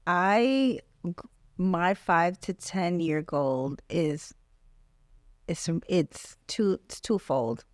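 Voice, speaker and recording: A woman real estate agent talks earnestly on a podcast and often restarts her sentences as she pushes a point. Her voice sits a little low. The recording is dry and close. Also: very slow, dry recording. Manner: earnest and emphatic, with many restarts. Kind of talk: casual podcast interview.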